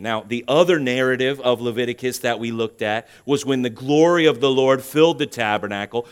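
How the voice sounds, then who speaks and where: A man preaching a sermon as pastor, building to loud emphatic peaks on key points and checking in with the congregation. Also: medium pitch, smooth. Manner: asks the congregation "okay?" to check understanding.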